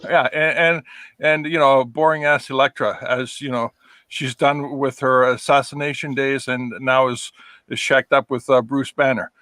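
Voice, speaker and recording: A man joining a casual stream as a guest, dry and sarcastic, with many halting uh's. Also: medium pitch, steady tone, pushed and bright. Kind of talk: casual livestream chat.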